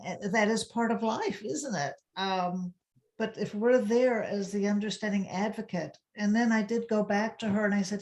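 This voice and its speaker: A woman's voice: medium pitch, steady tone, normal speed, darkish tone. A woman on a parenting webinar, earnestly recounting her own experience and reassuring parents. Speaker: parenting educator on a webinar panel. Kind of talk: conversational webinar talk.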